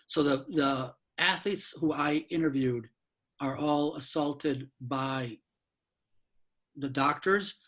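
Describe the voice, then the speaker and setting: Husky-voiced older man, blunt and frank. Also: a little high, fairly bright tone. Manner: frank and blunt, with mild swearing and quick asides. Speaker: law professor and author giving a talk. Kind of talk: candid lecture-style talk. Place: his apartment.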